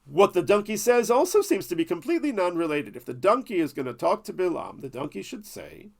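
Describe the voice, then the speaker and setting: A man's voice: high-pitched, big pitch swings, brisk, vocal fry, darkish tone. A man telling a Bible story as a lesson, with playful, jokey asides. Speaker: Torah teacher.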